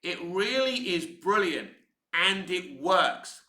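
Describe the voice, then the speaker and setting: A man in his fifties rambles enthusiastically through his thoughts on a film. His voice is very bright and a little high for a man. The room around him is noticeably echoey. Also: expressive, slow. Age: 50s. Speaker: film commentator. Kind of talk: casual film commentary.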